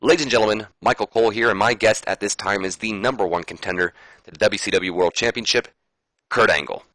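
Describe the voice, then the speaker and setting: A man's voice: on the low side, fast, sharp tone, no echo, poor audio. A man voicing a formal male backstage interviewer giving an announcer-style introduction.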